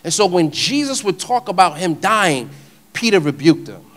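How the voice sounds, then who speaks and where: A man giving an informal, conversational sermon, animated and shifting between soft and loud delivery. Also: sits high, normal speed. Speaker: preacher.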